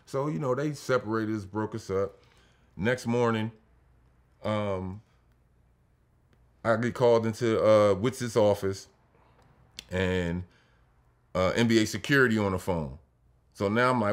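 A man in his forties, a former pro basketball player hosting a podcast, telling stories in a profane, animated way and loudly acting out what people said. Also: lowish voice, measured pace, long pauses. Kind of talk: casual storytelling chat.

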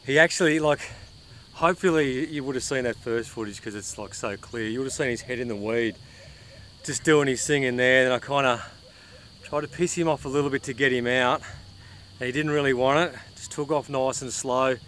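Excitable Australian man fishing outdoors. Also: medium pitch, fairly quick, slight background noise. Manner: excitable, chatty, swears and laughs while fighting fish. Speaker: fishing vlogger. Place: outdoors on the water.

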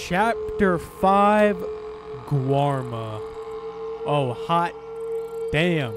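A man giving excited commentary over gameplay, shouting, swearing and laughing at what happens on screen. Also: sits high, a little slow, music in the background. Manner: laughs often. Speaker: gaming video creator.

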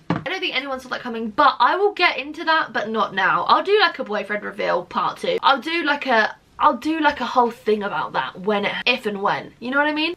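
A woman's voice: on the high side, pushed and bright. A young woman talking straight to camera in a candid, self-mocking vlog, swearing freely. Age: young adult. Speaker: vlogger. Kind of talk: casual chatty vlog.

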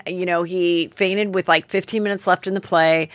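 A woman's voice: mid-range voice, unhurried, few pauses, fairly bright tone, dry recording, studio quality. A woman hosting a podcast, chatting about celebrity gossip in a rambling way with lots of fillers and self-corrections. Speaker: podcast host. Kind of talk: casual gossip chat.

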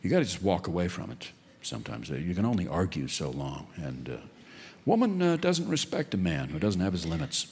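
A man's voice: low-pitched, big pitch swings, a little fast, a little mellow, slightly rough, full character voice. A man voicing a folksy, plain-spoken middle-aged man confiding at a bar. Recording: long reverb of a live hall.

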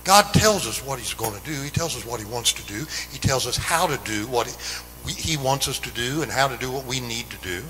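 A man's voice: mid-range voice, expressive, brisk, pushed and bright, big-room sound, slight background noise, poor audio. A man teaching a Bible lesson in an earnest, repetitive style that builds emphasis. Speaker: Sunday school teacher. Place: church.

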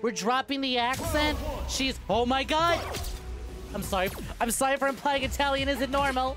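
A young adult woman streaming a game, giving crude, playful, excitable commentary. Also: sits high, normal speed, faint music behind. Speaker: VTuber streamer. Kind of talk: casual gameplay commentary.

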